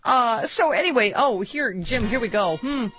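A woman hosting talk radio, her pitch jumping around as she jokes and tosses off asides. The broadcast sound is dull and lo-fi. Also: expressive, slight background noise. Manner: joking, quick with laughs and asides. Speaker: radio talk show host. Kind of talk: political talk radio banter.

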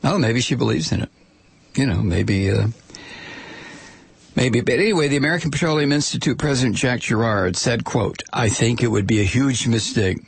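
A man's voice: medium pitch, lively intonation, moderate pace, vocal fry, slightly rough. A man delivering a rambling, profane political commentary monologue with plenty of digressions.

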